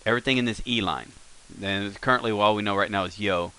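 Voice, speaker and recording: A man with a lowish, bright and forceful voice talks through a screen-recorded language lesson. His delivery is relaxed and unscripted, full of fillers and quick self-corrections. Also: smooth. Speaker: language teacher.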